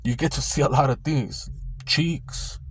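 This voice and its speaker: A young man spins a loose, profane storytime about his days as a security guard, peppering it with street slang. His voice sits at an ordinary middle pitch, and the recording is dry and close, with no room sound. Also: a little slow, husky, no echo. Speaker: storyteller recalling a security job. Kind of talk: casual storytime monologue.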